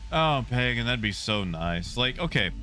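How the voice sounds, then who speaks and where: Lively, bright-voiced male game streamer. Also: mid-range voice, normal speed, a little hiss or hum. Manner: chatty, talking to fellow players and chat; teasing, playful sing-song repetition. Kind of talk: casual gameplay commentary.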